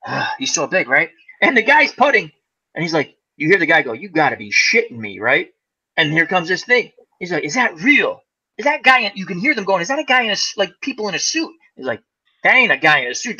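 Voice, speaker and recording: A male host, his high voice carrying a breathy edge, tells an extended story during a casual fireside chat. He brings it to life by voicing the characters and laughing frequently, recorded in muffled, lo-fi audio.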